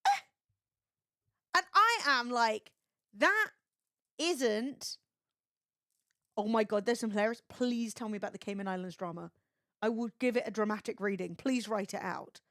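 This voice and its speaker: A woman's voice: a little high, lively intonation, measured pace, pauses often, fairly bright tone, dry recording, clean studio sound. A young woman streaming, retelling gossip in a sweary, chatty way. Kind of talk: casual livestream chat.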